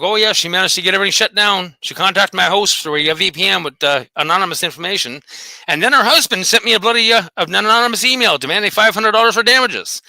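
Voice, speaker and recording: Host: man, high bright voice, rapid profane rant, dry close mic. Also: gravelly, no echo. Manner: profane, combative, taunting. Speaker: host of a dog behavior channel. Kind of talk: angry solo rant.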